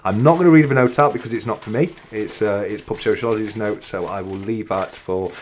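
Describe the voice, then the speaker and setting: A man hosting a relaxed livestream, chatting through viewer comments in a friendly, easygoing way. His voice sits on the low side, with plenty of filler words between thoughts. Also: brisk, slight background noise. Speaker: host. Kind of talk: casual livestream chat, reading comments.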